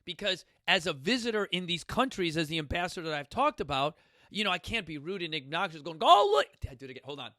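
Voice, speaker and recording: A man's voice: a little high, lively intonation, fast, bright, forceful tone, no echo, clean studio sound. A man from Chicago hosting a casual motivational talk, rambling, joking and speaking bluntly with some profanity. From Chicago, United States. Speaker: host.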